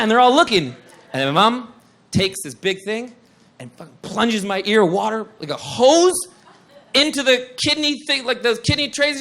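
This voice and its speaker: A young man with a high, bright voice tells a rambling comic story live on stage. He is excitable and swears freely, stacking fillers as he goes. A faint room ambience sits behind him. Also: normal speed, a little hiss or hum.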